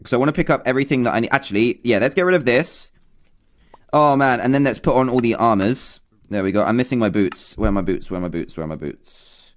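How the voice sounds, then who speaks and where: A young man from England narrates his game play as he goes. He talks to himself nonstop, and he sounds excitable and panicky. His voice sits at a middle pitch for a man. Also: quick pace. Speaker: gaming YouTuber. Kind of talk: let's play commentary.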